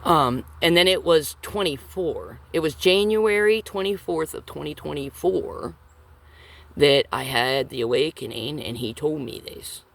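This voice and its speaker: Woman storyteller with a gravelly edge, talks in loose, profane, rambling asides to her viewers. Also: low-pitched, unhurried. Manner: rambling, profane, checks in with listeners. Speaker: vlogger. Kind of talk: casual storytelling.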